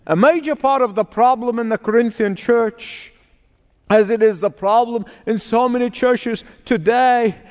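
A man's voice: extremely high pitch, a little slow, a little mellow, long reverb tail. A man preaching a sermon to his congregation, emphatic and repetitive, calling out for responses. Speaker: pastor. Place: church sanctuary.

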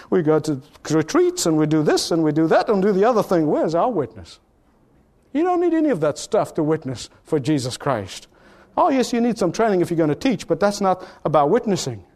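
A man with a notably high voice preaches a sermon from the pulpit. He drives home his points with repeated phrases that climb in pitch and force. At moments he drifts a little farther from the mic. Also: very animated, fairly quick, darkish tone. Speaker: pastor.

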